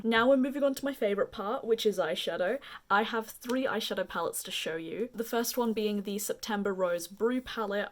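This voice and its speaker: Gushing woman beauty vlogger. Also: mid-range voice. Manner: gushing, enthusiastic; speaks with a slight accent. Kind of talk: makeup favourites review.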